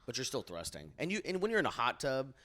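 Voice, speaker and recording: A man's voice: mid-range voice, huge pitch swings, fast, fairly bright tone. A male stand-up comedian telling rambling stories in casual podcast chat, full of "like" and "uh". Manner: rambling storyteller, lots of "like" and "uh". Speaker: guest comedian.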